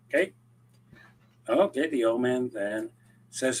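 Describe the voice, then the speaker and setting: A man, mid-pitched for a man, co-hosting a podcast in loose conversation. He tells his stories with animation, slipping into the voices of the people he quotes, and often restarts a phrase partway through. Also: measured pace, pauses often, slightly rough. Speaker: podcast co-host. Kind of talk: casual chat, storytelling.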